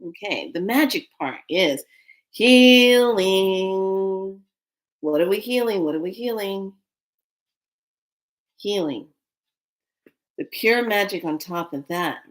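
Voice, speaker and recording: A woman chatting excitedly as she gives a spiritual card reading, often repeating words for emphasis. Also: fairly low pitch, unhurried, pauses often. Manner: animated and excitable, breaking into whispers and laughs.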